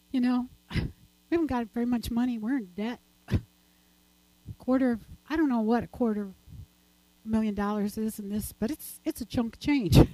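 A woman's voice: fairly high pitch, dark tone, no echo, rough recording. An older woman giving a chatty, rambling church talk and personal testimony, laughing often as she goes.

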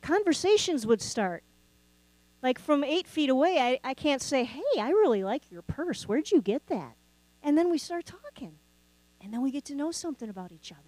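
A woman's voice: sits high, a little mellow, no room sound, low-quality recording. A woman preaching a sermon, talking conversationally and asking the congregation rhetorical questions. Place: church sanctuary.

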